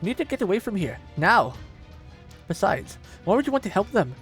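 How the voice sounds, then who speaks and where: A man voicing a gruff, protective old blacksmith who talks brusquely and urgently. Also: sits high, very animated, a little fast, fairly bright tone, faint music behind, pitched above the performer's own voice, exaggerated voice. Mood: stern.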